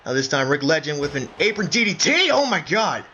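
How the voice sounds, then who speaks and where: A man doing excited play-by-play wrestling commentary, breaking into shouts of surprise and calling his listeners folks. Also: on the high side, brisk. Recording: dull lo-fi recording with faint noise.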